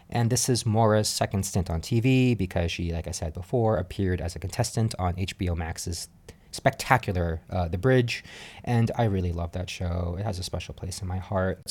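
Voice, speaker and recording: A man's voice: mid-range voice, darkish tone. A man hosting a podcast, recapping a reality show in casual, gossipy chat and laughing often. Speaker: podcast host.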